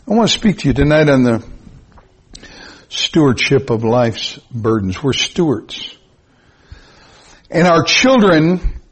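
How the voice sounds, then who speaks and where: A man preaching a sermon, emphatic and repetitive, with sudden high-pitched rises. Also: husky. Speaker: pastor.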